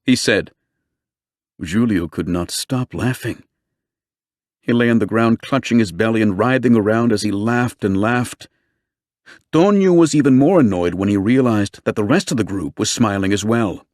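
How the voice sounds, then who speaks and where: Brief: male audiobook reader, low voice, dry close mic, steady measured delivery. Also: no room sound. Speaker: audiobook narrator. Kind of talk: scripted narration.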